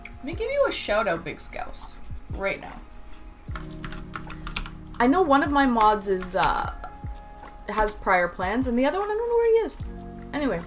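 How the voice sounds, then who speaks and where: A woman's voice: fairly high pitch, wildly swooping pitch, moderate pace, pauses often, over music. A woman live-streaming in casual chat, thanking viewers by name and talking straight to her chat. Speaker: livestreamer.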